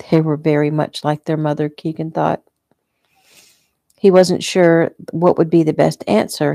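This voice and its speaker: Lady reading her book at home, low voice, dry close sound. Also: vocal fry, dark tone, no room sound. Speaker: author reading her novel. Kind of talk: casual audiobook reading.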